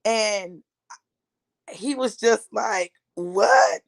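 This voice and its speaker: A woman's voice: mid-range voice, a little slow, gravelly, no echo. A woman in her fifties, an author and speaker, telling a personal story to her viewers in an emphatic, chatty way and calling them y'all. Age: 50s.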